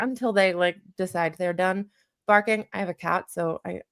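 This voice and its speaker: A woman's voice: medium pitch, steady tone, fairly quick, a bit bright. A woman talking as a guest about working with children and parents, casual and chatty, full of "like" and restarts, sometimes acting out quoted lines. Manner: chatty, heavy use of "like" and self-corrections; plays out little dialogue bits in a raised voice. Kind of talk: casual conversational interview.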